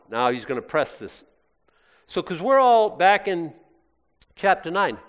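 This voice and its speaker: A man preaching with a lively, swinging voice and playful, jokey asides. His voice carries through a big hall with a long, trailing echo. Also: sits high, unhurried, long pauses, smooth. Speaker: pastor. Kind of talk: sermon.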